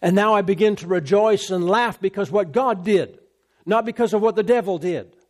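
Male preacher, high voice, reads scripture then expounds, repeats phrases, checks in with the congregation. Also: moderate pace, a little mellow. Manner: call-and-response asides, repeats phrases for emphasis. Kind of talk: sermon.

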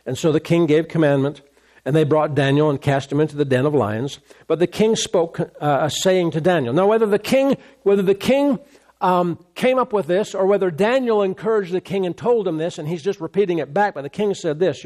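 A man preaches a sermon in a slightly higher-than-usual voice. He reads a scripture story and stops now and then for casual, plain-spoken asides. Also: fairly quick, darkish tone. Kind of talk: sermon, reading scripture and commenting.

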